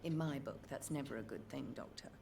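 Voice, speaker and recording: A woman's voice: a bass voice, brisk, creaky, background noise. An actress playing a self-assured woman merchant in a video game who sells a miracle elixir, speaking confidently and a little condescendingly.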